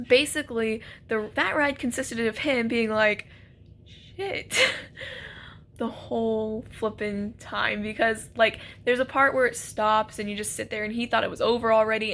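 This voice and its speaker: A young woman telling a casual, animated story about a first date, laughing and acting out quotes. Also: on the high side. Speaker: vlogger.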